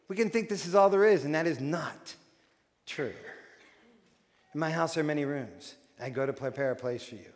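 High-voiced man preaching in a reverberant hall. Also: normal speed, long pauses. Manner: animated, acts out quoted voices. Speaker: pastor. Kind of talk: sermon.

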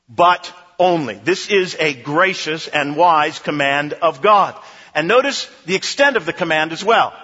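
A man's voice: fairly high pitch, bright, forceful tone, breathy edge. A middle-aged man preaching a sermon as pastor, emphatic and rhythmic, repeating key phrases in short lists. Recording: dull lo-fi recording in a reverberant hall.

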